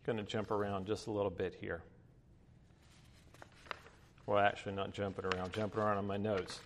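A man's voice: fairly low pitch, level tone, moderate pace, a little hiss or hum. A man in his fifties, a pastor preaching a sermon, telling a personal story in a chatty way with many fillers and laughing asides. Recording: long hall reverb.

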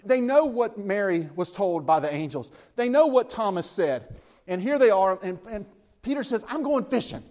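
Preaching at a moderate pace, this man turns scripture into a lively story, speaking to his audience conversationally and posing questions to them. When he gives the disciples their lines, he lifts his voice higher.

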